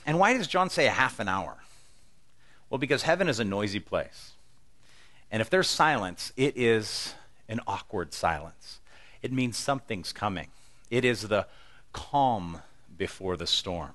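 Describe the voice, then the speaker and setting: A man's voice: on the low side, very animated, measured pace, pauses often, fairly bright tone. A man pastor preaching a conversational, humorous sermon with emphatic stresses.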